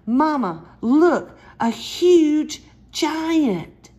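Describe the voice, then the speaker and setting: An excitable little boy bursts with questions in a high, bouncy voice, as a woman reads him aloud from a picture book. He sounds eager and curious. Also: extremely slow, exaggerated voice.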